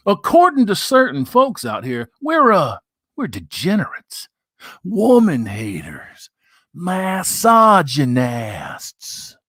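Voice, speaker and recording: A man's voice: on the high side, fairly bright tone, dry recording, studio quality. A middle-aged man hosting a casual livestream, reading viewer comments aloud and bantering in a loose, profane way. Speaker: livestream host.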